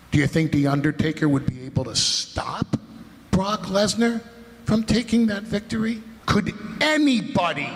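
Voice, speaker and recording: A man delivering a dramatic wrestling promo, posing slow, brooding rhetorical questions and sometimes dropping to a whisper. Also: a little high, vocal fry. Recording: long hall reverb.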